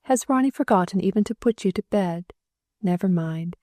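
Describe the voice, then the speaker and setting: A woman's voice: medium pitch, animated, normal speed, dark tone, no room sound, studio quality, natural voice. A woman reading the lines of a loving young wife and new mother in a storybook, tender and affectionate.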